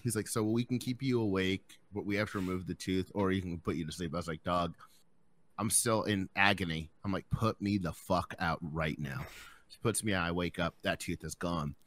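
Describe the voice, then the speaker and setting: A young man with a fairly low voice, chatting casually on a podcast. He swears a lot and tells his story by acting out the other people's lines. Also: fairly quick, fairly bright tone. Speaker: podcast co-host. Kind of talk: casual chat.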